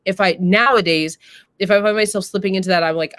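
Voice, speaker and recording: A woman's voice: medium pitch, fairly even intonation, quick pace, a bit bright, no echo. A woman hosting a live stream, talking earnestly and casually and addressing her viewers directly. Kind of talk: casual reflective talk to viewers.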